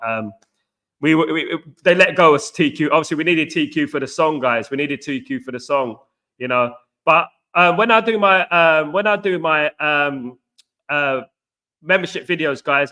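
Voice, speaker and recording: With a fairly high-pitched, sharp voice, a middle-aged British host of a football channel rambles through a casual live-stream chat. He repeats himself and addresses the audience as "guys."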